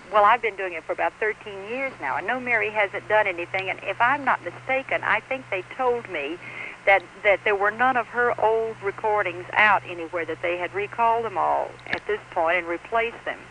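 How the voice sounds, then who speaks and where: A woman who voices telephone announcements talks on the phone, chatty and emphatic, laughing easily. Her tone is bright and forward, and a faint hiss of noise sits under the line. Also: medium pitch, normal speed, low-quality recording. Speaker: recorded telephone announcement voice talent. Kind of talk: phone conversation.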